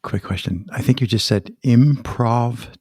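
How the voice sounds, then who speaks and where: A man hosting a podcast, talking in an animated, self-deprecating way and laughing often. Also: medium pitch, measured pace, husky, dry recording, clean studio sound. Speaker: podcast host. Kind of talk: conversational podcast interview.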